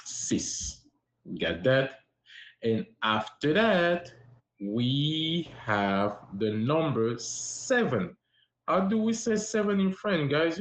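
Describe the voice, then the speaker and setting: A man teaching a live-streamed French lesson, patiently encouraging his viewers and repeating words slowly. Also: medium pitch, roomy sound. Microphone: live-stream app.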